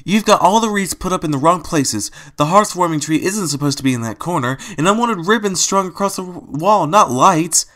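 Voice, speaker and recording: A man voicing a bubbly female party pony who turns bossy and then tearful, in a high put-on girlish voice. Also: lively intonation, fast talker, hardly any pauses, pushed and bright.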